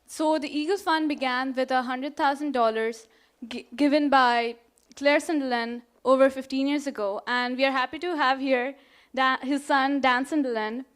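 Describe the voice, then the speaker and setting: A woman's voice: high-pitched, fairly even intonation, moderate pace, a bit bright. A young woman, a college student, reading a scripted, informative presentation to an audience. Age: young adult.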